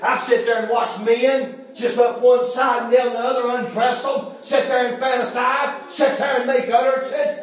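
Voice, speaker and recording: A man preaching a fiery sermon, shouting one moment and dropping low the next. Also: fairly even intonation, unhurried, hardly any pauses, echoey room, a faint crowd. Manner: shouting, swinging between loud outbursts and low, quiet stretches.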